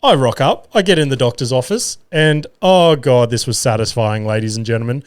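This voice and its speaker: An Australian man hosting a podcast, telling a story in a casual, profane, animated and self-mocking way from his garage studio. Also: medium pitch, a little fast, clear, resonant tone, no room sound. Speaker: podcast host. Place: single-car garage studio. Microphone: studio mic.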